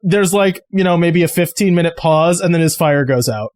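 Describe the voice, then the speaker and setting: Male game master, casual narrator, slightly high voice, dry close mic. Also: moderate pace, darkish tone, no echo. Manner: casual, chatty, with fillers.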